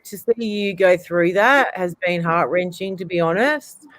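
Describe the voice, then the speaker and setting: A man's voice: sits high, measured pace, fairly bright tone, no room sound. A man co-hosting a live stream, earnest and supportive, swearing casually. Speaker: co-host.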